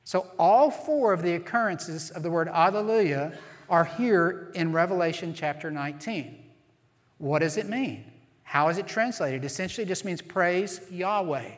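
A man preaching a sermon as pastor, earnest and emphatic, slowing down to stress key phrases. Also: high voice, animated. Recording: long reverb of a large hall.

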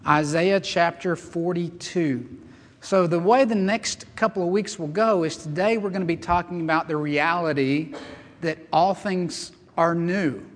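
A man's voice: on the high side, measured pace, long reverb tail. A man preaching a sermon as pastor, earnest and emphatic, mixing scripture reading with chatty asides. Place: church sanctuary.

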